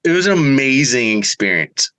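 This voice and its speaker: A middle-aged man, a bowhunter guest, telling a story in a casual way and acting out the quotes with big jumps in pitch. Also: sing-song, moderate pace, sharp tone, smooth, low-quality recording.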